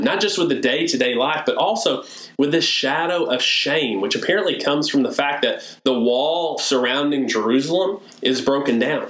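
A man preaching a sermon in a storytelling way, moving between hushed and lively delivery. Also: mid-range voice. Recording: echoey room.

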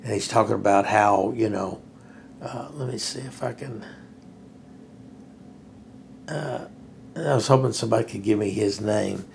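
A man with a low, gravelly voice holds forth in an unscripted commentary. He rambles earnestly, stopping to restart his sentences and filling the pauses with "uh." It sounds like a host thinking out loud for his listeners. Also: slight background noise. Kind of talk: casual spoken commentary.

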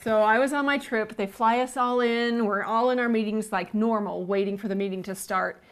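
A woman in her thirties, a guest alongside her husband, telling what happened in a clear, matter-of-fact way. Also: on the high side, fairly even intonation, normal speed. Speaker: guest, his wife. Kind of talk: conversational storytelling.

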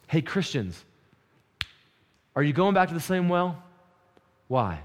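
A man preaching a sermon, shifting from loud urgent peaks to quiet intense lows, with casual slang. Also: very animated, slow pace.

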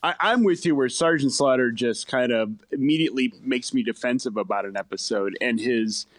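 A man's voice: mid-range voice, dry recording. A man co-hosting a podcast who chats casually and chimes in often. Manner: chatty, quick to laugh and chime in. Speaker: podcast co-host. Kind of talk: casual chat.

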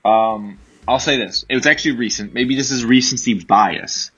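A laid-back man hosting a podcast, teasing his co-host in a dry way. His voice is bright, and the recording sounds a little dull and lo-fi. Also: mid-range voice, moderate pace, breathy edge. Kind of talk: casual chat.

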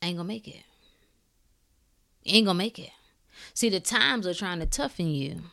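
A woman hosting a podcast, speaking in a blunt, preachy way with swearing and shifting between calm talk and fired-up bursts. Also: fairly low pitch, moderate pace, gravelly. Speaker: podcast host. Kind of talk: impassioned spiritual talk.

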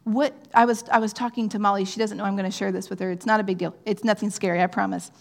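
A woman giving an earnest, conversational sermon, often checking in with "right?" and sometimes dropping to a soft, near-whispered tone. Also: medium pitch, fairly even intonation, fast, creaky. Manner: drops to soft, near-whispered phrases at times. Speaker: pastor.

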